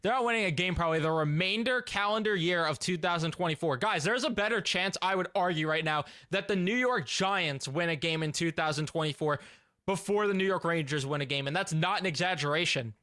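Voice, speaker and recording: A man's voice: on the high side, a little fast, sharp tone. A young man ranting in a casual fan reaction video, exasperated and laughing in disbelief.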